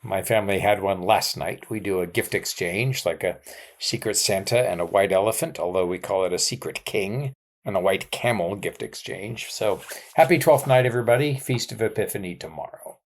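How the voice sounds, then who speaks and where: Genial low-voiced male co-host. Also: normal speed. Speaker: podcast co-host, reverend. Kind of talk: casual podcast chat.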